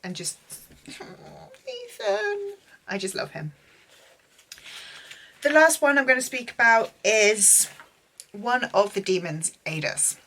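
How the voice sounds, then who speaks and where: A woman's voice: medium pitch, lively intonation, unhurried, long pauses, bright, forceful tone, slight background noise. A young woman giving a casual, gushing book recap, full of filler words. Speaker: book vlogger.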